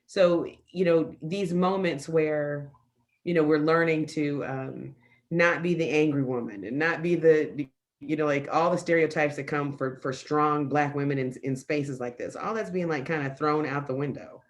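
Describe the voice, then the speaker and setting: A woman's voice: sits low, normal speed. Emphatic, impassioned woman panelist. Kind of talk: forum panel talk.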